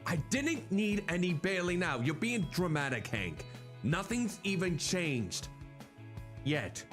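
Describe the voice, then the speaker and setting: A man voicing a fiery, defiant record store owner with a high, strained voice. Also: sing-song, slow pace, a bit bright, faint music behind, full character voice. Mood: dismissive.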